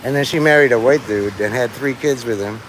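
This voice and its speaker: A middle-aged man with a mid-range, fairly bright voice talks briskly while rambling through a crude outdoor livestream. He's in the rain near traffic, swearing and joking to himself, captured in a rough recording with slight background noise.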